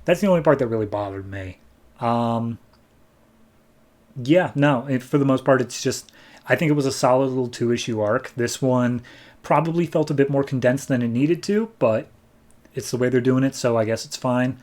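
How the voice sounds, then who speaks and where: A man's voice: mid-range voice, moderate pace, a little mellow. A man hosting a comic review podcast, recapping a comic casually and rambling with many "like"s. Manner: rambling, lots of "like", acts out characters.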